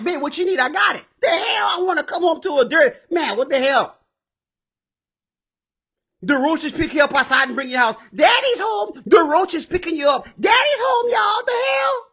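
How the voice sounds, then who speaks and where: A man hosting his own show, delivering a profane, animated advice rant that bursts into shouting. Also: very high voice. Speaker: show host. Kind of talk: ranting advice monologue.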